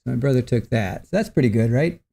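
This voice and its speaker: A man's voice: medium pitch, expressive, quick pace, vocal fry, mellow. A middle-aged man hosting a livestream, chatting casually and greeting viewers by name with easy laughs. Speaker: livestream host.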